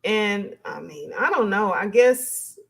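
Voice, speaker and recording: A woman commentating on a live reaction stream, animated and questioning. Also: mid-range voice, takes it slowly, creaky, husky.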